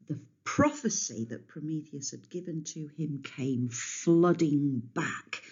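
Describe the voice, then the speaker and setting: A woman telling a myth to children in a lively, chatty way, stopping to explain words, on a dull lo-fi recording. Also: deep voice, breathy edge. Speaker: storyteller. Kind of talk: storytelling to children.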